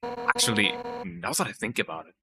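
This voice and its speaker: A man's voice: fairly low pitch, big pitch swings, fairly quick, vocal fry, very noisy. A man reading as a brash fish warrior woman. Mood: boastful. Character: brash hot-headed female fish warrior captain. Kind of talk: reading game dialogue aloud.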